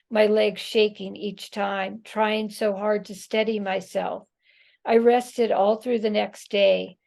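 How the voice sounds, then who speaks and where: Woman author, own prose; slow, measured, expressive; creaky texture; video call. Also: mid-range voice. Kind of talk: reading her own prose aloud.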